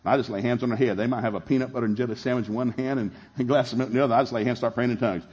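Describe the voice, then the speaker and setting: Pastor guy, middle-aged, talks quick, husky voice, gets loud telling stories. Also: mid-range voice. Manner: animated, shouting in acted-out scenes, laughing. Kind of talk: sermon storytelling.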